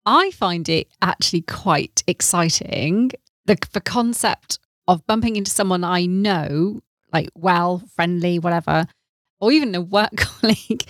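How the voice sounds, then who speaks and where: A woman's voice: on the low side, unhurried, dry recording, clean studio sound. A British woman co-hosting a podcast, chatty and given to laughing. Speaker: podcast co-host. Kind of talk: casual chat.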